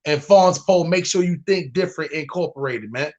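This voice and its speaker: High-voiced New York stream host. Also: male voice, moderate pace, darkish tone, highs cut off. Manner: laid-back, repeats "man". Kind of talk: live stream reaction sign-off.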